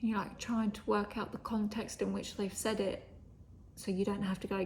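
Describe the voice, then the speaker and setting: There's a little hiss or hum behind this young woman, a vlogger with a medium-pitched, darkish voice who speaks at a normal speed with a level tone. She tells a story casually, cursing freely, voicing the dialogue, and often whispering.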